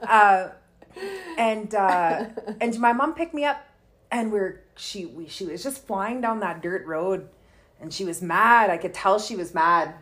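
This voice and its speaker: A woman's voice: mid-range voice, lively intonation, unhurried, a bit bright. A woman from Canada, a guest telling personal stories in a candid, chatty way, full of likes and ums. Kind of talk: casual storytelling conversation.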